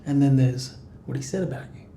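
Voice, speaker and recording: An actor playing a political colleague who speaks in a dry, sarcastic way. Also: male voice, mid-range voice, fairly quick, mellow, echoey room, slight background noise, lightly acted. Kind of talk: film drama dialogue.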